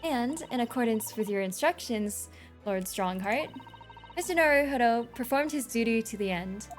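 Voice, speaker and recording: A woman's voice: fairly high pitch, expressive, normal speed, soft background music, lightly acted. A woman voicing a polite, composed young female legal assistant, courteous and earnest.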